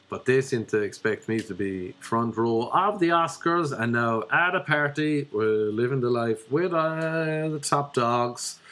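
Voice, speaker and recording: A young man telling a rambling comic story with deadpan, self-mocking asides. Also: mid-range voice. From Ireland.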